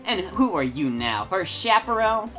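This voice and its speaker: A woman voicing a brash, touchy country woman photographer with a loud put-on drawl, reading game dialogue aloud. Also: mid-range voice, sing-song, a little slow, faint music behind, voice pushed up. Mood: sassy scolding. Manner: forceful, indignant.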